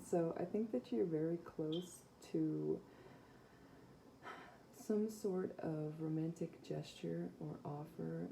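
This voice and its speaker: Low gravelly woman reading tarot. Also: warm tone, a little hiss or hum, rough recording. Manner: rambling, chatty, many fillers. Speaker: tarot reader. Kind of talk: casual psychic tarot reading to camera.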